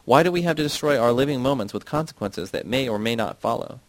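An earnest young idealist argues his case at length and gets defensive, read by a man. His voice stays at an ordinary pitch. The sound is dry and close. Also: lively intonation, fast, no echo, close to an everyday voice. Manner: earnest, argumentative explaining.

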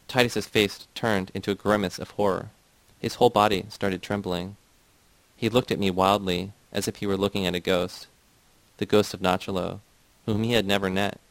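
A man reading a novel aloud as scripted narration, in a steady, measured way. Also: on the low side, no echo, low-quality recording. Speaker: audiobook reader.

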